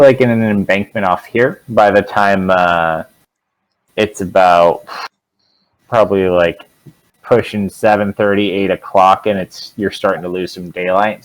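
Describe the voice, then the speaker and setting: A man narrating as dungeon master in a relaxed, rambling way, with lots of "um" and "like". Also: fairly low pitch, low-quality recording. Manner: relaxed, rambling, filler-heavy. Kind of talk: narrating a tabletop game.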